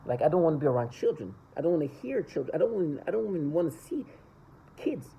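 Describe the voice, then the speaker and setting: A woman talking to camera in a personal vlog monologue, earnest and insistent, often halting, repeating words and restarting sentences. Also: sits low, sing-song, vocal fry, husky, muffled recording. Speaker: vlogger.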